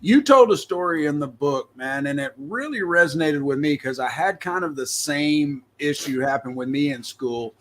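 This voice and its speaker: A man's voice: on the high side, normal speed, hardly any pauses. A man hosting a podcast interview, asking questions in a casual, chatty way. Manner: casual, relaxed, chatty, says man and right often. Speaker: podcast host.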